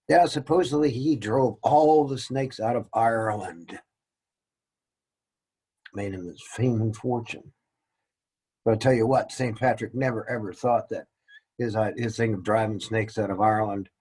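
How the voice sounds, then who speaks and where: A man's voice: lowish voice, warm tone, husky, poor audio. A man teaching a casual lesson, rambling and joking at his own expense. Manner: rambling, joking and self-deprecating. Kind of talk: casual classroom-style lecture.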